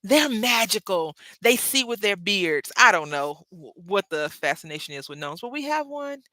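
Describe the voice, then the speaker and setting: A woman's voice: on the low side, very animated, moderate pace, sharp tone, no echo. A woman casually chatting to viewers while crafting, rambling and correcting herself as she goes. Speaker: craft livestream host. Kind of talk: casual craft livestream chat.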